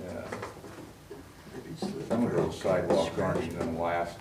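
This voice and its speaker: A man with a very low voice speaks bluntly at a council meeting, picked up from far off. The sound is roomy and carries a clear noisy hiss. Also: flat delivery, moderate pace. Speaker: council member. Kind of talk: public meeting discussion. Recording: roomy far-off mic with noise.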